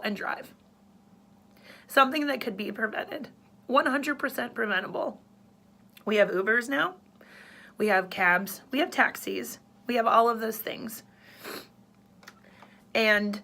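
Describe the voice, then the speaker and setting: A woman's voice: mid-range voice, gravelly, pushed and bright. A woman in her thirties, a radio host, telling a personal story in an earnest, emotional way.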